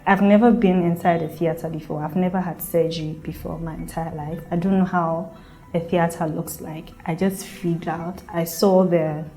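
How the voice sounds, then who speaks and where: A woman's voice: on the low side, fairly even intonation, normal speed, mellow, faint music behind. Young woman telling her birth story. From Ghana. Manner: earnest, emotional retelling with quoted voices. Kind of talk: personal storytelling.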